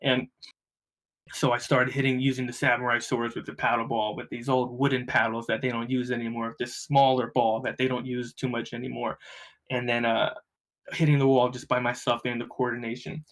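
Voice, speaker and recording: Give me a young man telling profane, animated stories as a podcast guest. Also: mid-range voice, brisk. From New Jersey. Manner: profane, animated, acts out quoted voices. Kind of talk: casual storytelling.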